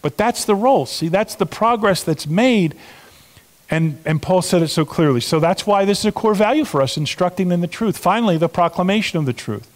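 A man's voice: sits high, lively intonation, brisk. A middle-aged man preaching a sermon as pastor, talking earnestly to the congregation with emphatic stresses and asides. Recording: long hall reverb.

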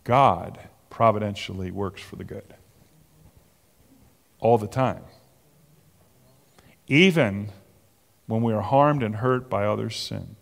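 A man preaching a sermon, moving between loud emphatic peaks and soft near-whispers. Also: lowish voice, slow pace, vocal fry, long pauses, big-room sound. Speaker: pastor.

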